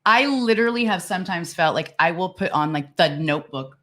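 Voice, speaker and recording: A middle-aged woman co-hosting a podcast, telling stories in a lively way and laughing often. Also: fairly low pitch, brisk. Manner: animated storyteller who laughs often. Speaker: podcast co-host. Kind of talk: casual chat.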